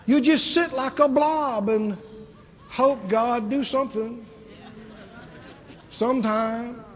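A man from the American South with a Southern accent, preaching a lively sermon with rhetorical questions and acted-out voices. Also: very high-pitched, takes it slowly, long reverb tail.

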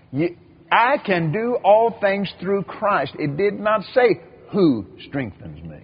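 A man's voice: high voice, breathy edge. An older man preaching a sermon, telling stories with repeated words and acted-out quotes. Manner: animated storytelling, acts out quoted voices, repeats words. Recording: dull lo-fi recording.

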